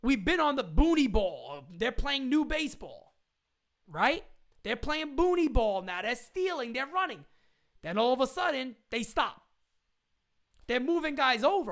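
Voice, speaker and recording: A woman hosts a casual livestream for sports fans, answering viewer questions as she goes. Her pitch swings widely, and she hammers her points home by repeating them in slangy, blunt phrases. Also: sing-song, unhurried, pauses often. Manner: slangy fan talk, occasional swearing. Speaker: live stream host. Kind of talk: casual live stream chat.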